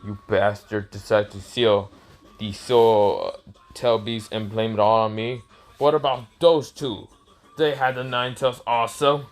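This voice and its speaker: A man voicing a cold, vengeful young male ninja in a fan-made story, speaking in a calm, low, taunting way. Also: unhurried, soft background music, close to an everyday voice. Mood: bitter.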